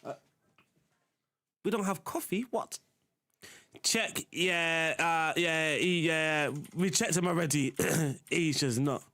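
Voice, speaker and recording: A man's voice: fairly high pitch, slow pace, pauses often, sharp tone. A young man live-streaming a football management game, chatting casually to his viewers as he plays. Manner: chatty, talks to chat while playing.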